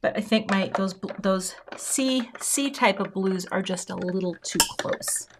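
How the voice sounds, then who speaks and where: A woman's voice: medium pitch, measured pace. This is a chatty American woman hosting a live crafting stream. She talks loosely as she works, greeting viewers by name and poking fun at herself. A faint hiss of noise sits under her voice. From United States. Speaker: card-making livestream host. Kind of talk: casual live crafting chat.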